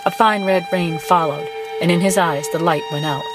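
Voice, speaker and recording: A woman narrating a story in a measured, expressive reading voice. A violin plays clearly beneath her. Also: fairly low pitch. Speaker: podcast co-host reading passages. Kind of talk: dramatic audiobook narration. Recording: violin music underneath.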